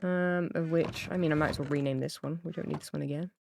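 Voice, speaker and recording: Her voice is low, steady and a little mellow, with vocal fry and a quick pace. Streaming a game with the camera off, she talks to viewers through a streaming mic in a loose, filler-heavy, rambling way. She also gushes tearfully whenever cute pets come up.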